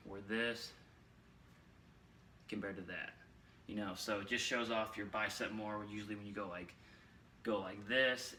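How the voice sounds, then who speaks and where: Young man, casual coach, breathless, rambling, lowish voice, recorded from across an echoey room. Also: bright, forceful tone, slight background noise. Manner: rambling, repeats himself, many fillers. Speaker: fitness coach. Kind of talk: casual instructional vlog. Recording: roomy echo, mic far off.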